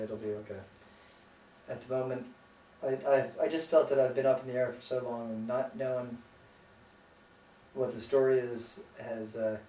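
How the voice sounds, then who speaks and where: A man's voice: medium pitch, dark tone. American man recounting a story, distant mic. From United States. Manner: retells arguments, hesitant restarts. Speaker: interviewee. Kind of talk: casual conversational storytelling. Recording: roomy distant mic with faint ambient noise.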